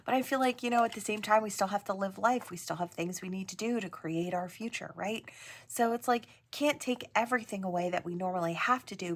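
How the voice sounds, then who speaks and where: A woman talks her viewers through a tarot reading in a soft, meandering way. She keeps circling back with "right?" and "I wanna say". Her voice sits at a middling pitch. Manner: gentle, rambling, frequent "right?" and "I wanna say". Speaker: tarot reader.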